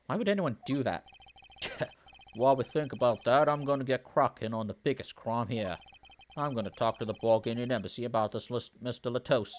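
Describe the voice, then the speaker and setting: A let's play commentator with a medium-pitched, brisk voice works through a story game, reading the characters' dialogue aloud in his own voice. He breaks off now and then to joke and theorize, with slight background noise in the recording.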